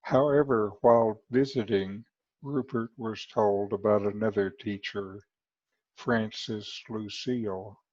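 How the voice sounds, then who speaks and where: Slow, low-voiced male host. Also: fairly even intonation, a little mellow, no room sound. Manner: slow, measured reading. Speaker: host introducing speakers. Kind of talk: scripted introduction. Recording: slightly muffled dry recording.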